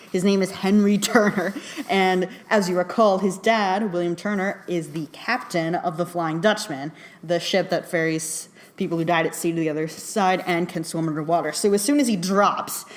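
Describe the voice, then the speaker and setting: A woman giving a casual spoken film review, chatty and excitable, laughing often and full of fillers. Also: lowish voice.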